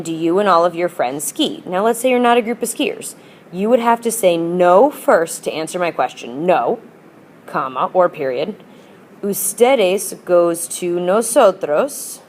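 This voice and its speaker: A woman teacher explains grammar with patient, upbeat energy and models example phrases. Her voice sits a little low. A faint hiss runs under the recording. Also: animated, a little slow, darkish tone. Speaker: Spanish teacher. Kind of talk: recorded classroom lesson.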